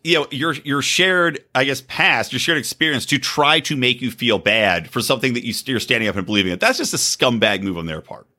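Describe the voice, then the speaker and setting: A man's voice: mid-range voice, bright, forceful tone. A man hosting a podcast, chatting casually with a guest and reacting bluntly to her stories. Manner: blunt, quick reactions, laughs often. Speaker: podcast host. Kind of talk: casual interview chat.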